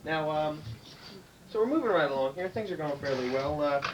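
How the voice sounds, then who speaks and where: A man doing a rambling stand-up set in a comedy club, slipping into high-pitched voices for his characters. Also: expressive, a little fast, far from the mic, noisy background. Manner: rambling joke-telling with high-pitched impressions. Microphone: handheld stage mic, drifting off it.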